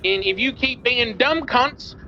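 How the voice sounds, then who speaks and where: A man voicing a menacing, foul-mouthed hostage-taker man with an Australian accent, shouting threats. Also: very high voice, unhurried, dull audio, noisy background, pitched above the performer's own voice. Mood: threatening.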